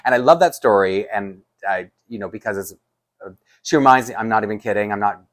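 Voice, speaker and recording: A man's voice: on the low side, brisk. A man, chatting casually to camera as a doll collector, rambling with many restarts and light laughs. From Canada.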